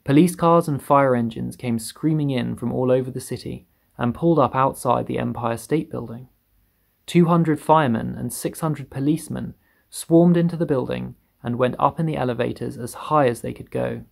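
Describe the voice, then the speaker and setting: A man narrating a children's story aloud, expressive and lingering on words for effect. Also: medium pitch, creaky. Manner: lively, expressive read with drawn-out emphasis.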